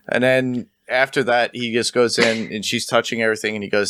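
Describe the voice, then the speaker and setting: A man's voice: mid-range voice, steady tone, brisk, hardly any pauses, pushed and bright, no echo, clean studio sound. A man hosting a casual podcast chat, laughing often and handing the turns to his co-hosts. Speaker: podcast host.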